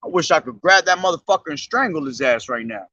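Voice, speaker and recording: A young man preaching outdoors at a bus station, slowly declaiming scripture, then talking in slangy, profane street speech into a camera he holds himself. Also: a little high, animated, pushed and bright, no echo, highs cut off. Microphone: self-held camera.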